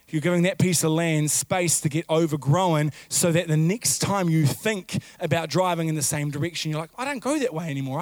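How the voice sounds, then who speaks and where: A man preaching a sermon as pastor, animated, with sudden shouted outbursts and repeated phrases. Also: a little high, no room sound.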